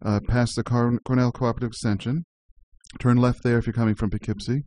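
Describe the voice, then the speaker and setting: A man's voice: mid-range voice, little pitch movement, fast, darkish tone, no room sound. A man hosting a community radio show, talking in a chatty way and laughing easily. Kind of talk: casual community radio chat.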